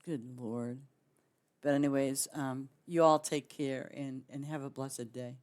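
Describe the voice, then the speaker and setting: A woman's voice: very deep voice, fairly even intonation, measured pace, darkish tone. A woman game streamer chatting casually with her viewers as she signs off, rambling with lots of fillers and restarts. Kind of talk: casual stream sign-off chat.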